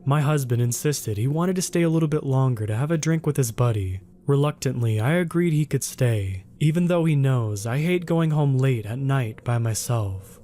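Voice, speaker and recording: Male narrator for scripted horror reads: mellow, measured, unhurried, pausing for effect. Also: medium pitch, expressive, a little hiss or hum.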